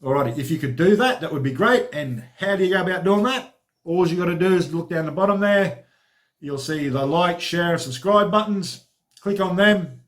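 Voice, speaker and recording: Male fitness vlogger, talks a touch higher than most men, casual and chatty, tosses in "alrighty" often. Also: expressive, moderate pace, fairly bright tone. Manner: chatty, informal, upbeat, peppered with "alrighty". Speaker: personal trainer and vlog host. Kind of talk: casual training diary vlog.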